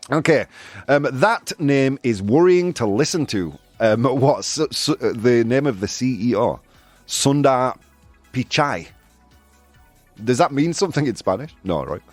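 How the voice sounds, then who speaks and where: A male podcast host whose pitch swings up and down a lot as he chats through the news. He is self-deprecating, laughs often and trips over tricky words. The sound is dry and close, with faint music underneath. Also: lively intonation, measured pace, no echo. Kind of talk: casual live-stream news chat.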